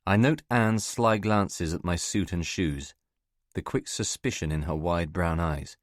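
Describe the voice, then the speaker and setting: A man giving measured, scripted first-person narration of a novel for an audiobook. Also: low-pitched, no room sound, studio quality.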